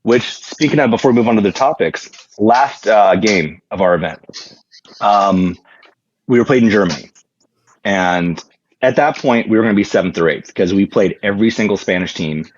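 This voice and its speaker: A man's voice: on the low side, normal speed, lo-fi sound. A man telling a story in casual chat, rambling and joking with lots of fillers and restarts. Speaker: podcast guest, tabletop wargame player.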